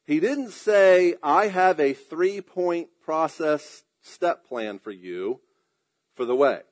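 A man preaching a sermon, drawing out emphatic phrases and dropping into quiet asides, clearing his throat now and then. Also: fairly high pitch, lively intonation, slow. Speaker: pastor.

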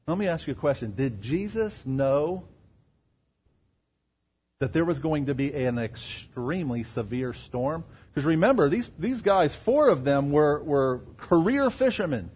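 A man preaching a sermon, firing rhetorical questions at the congregation and swinging between loud emphatic bursts and quiet, low asides. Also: sing-song, a little slow, husky. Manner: asks the crowd rhetorical questions. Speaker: pastor.

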